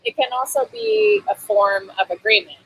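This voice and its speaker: A woman's voice: on the high side, very animated, normal speed, a bit bright, slight background noise, low-quality recording. A woman hosting a casual on-camera lesson on basic phrases, chatty, with frequent ums and laughs between phrases. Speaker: host teaching basic Thai phrases. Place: Bangkok.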